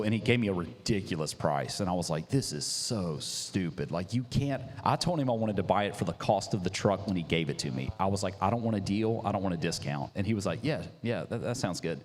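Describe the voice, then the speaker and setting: A young man, a coffee business founder, telling his story in a casual interview, animated and slangy, acting out what people said. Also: fairly low pitch, slight background noise. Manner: animated, slangy, acts out quotes. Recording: reverberant hall.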